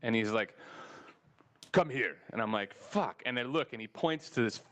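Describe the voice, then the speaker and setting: A man spins a rambling anecdote on his podcast, swearing freely and laughing along. His voice sits at an ordinary middle pitch. He talks in a loose, casual way. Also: fast, clear, resonant tone. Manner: animated, profane anecdote with laughter. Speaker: podcast host. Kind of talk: casual storytelling.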